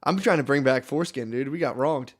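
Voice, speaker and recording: A man's voice: medium pitch, a little fast. Rambling, laughing young man swapping stories. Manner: rambling, laughing storyteller, heavy swearing. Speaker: podcast co-host. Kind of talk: casual chat.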